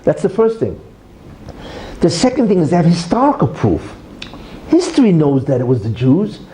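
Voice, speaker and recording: Very dark-voiced emphatic male rabbi lecturing. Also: fairly high pitch, huge pitch swings, moderate pace, a little hiss or hum, rough recording. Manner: emphatic, full of tag questions like "right?" and "you see"; teaches through a parable, acting out the quarrel in raised voices. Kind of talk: religious lecture.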